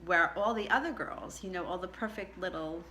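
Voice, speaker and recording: Low-voiced woman with a bright, forceful edge. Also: moderate pace, slight background noise. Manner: chatty and reflective, pitch rising sharply on emphasis. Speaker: tarot channel host. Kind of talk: casual personal storytelling.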